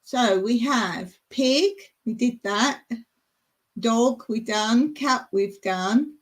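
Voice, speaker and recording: A woman's voice: a little high, drawn-out words, long pauses. A woman hosting a casual live chat, giggly and chatty as she reads out viewer comments. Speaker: livestream host.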